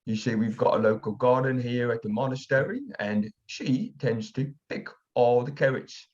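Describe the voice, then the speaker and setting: A man's voice: mid-range voice, moderate pace, darkish tone, close to an everyday voice. A man voicing an odd, twitchy male friar who speaks in a mock-formal, old-fashioned way, heard through a dull lo-fi recording. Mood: rambling genial. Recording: dull lo-fi sound.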